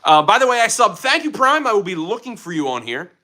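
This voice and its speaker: A man in his twenties with a light Philadelphia accent, hosting a casual livestream and chatting with viewers in an excitable, jokey way. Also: high-pitched, fast talker. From Philadelphia, USA. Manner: excitable, animated, jokey, drops into playful voices. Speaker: livestream host. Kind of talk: casual live chat reading viewer comments.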